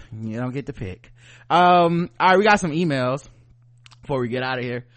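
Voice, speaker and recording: A man with a Southern US accent, co-hosting a podcast in animated, joking casual chat. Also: mid-range voice, moderate pace, gravelly. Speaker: podcast co-host.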